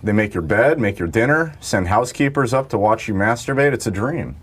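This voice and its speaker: A man in his thirties in a casual chat, chiming in with quick, crude quips. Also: fairly low pitch, lively intonation, a bit bright, a little hiss or hum. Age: 30s.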